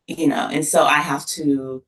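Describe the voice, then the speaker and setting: A middle-aged woman, a university dean, talking earnestly and emotionally in an interview, with many pauses and restarts. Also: low-pitched, steady tone. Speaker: associate dean of students, podcast guest. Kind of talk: casual interview conversation. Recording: distant mic.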